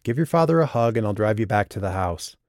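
A man's voice: lowish voice, lively intonation, fast, a little mellow, no echo, clean studio sound, lightly acted. A man voicing a firm, motherly middle-aged woman who speaks in a firm but soothing way.

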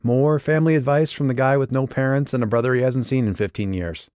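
A man voicing a grieving, sharp-tongued young woman. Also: expressive, moderate pace, vocal fry, no echo, studio quality. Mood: grieving, bitter. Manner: raised pitch, tearful and bitter.

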